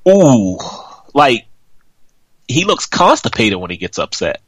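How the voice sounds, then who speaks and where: A man's voice: medium pitch, takes it slowly, breathy edge, no room sound. A man co-hosting a wrestling podcast, talking casually with brash swearing and teasing. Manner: brash, animated, swears freely. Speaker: podcast co-host.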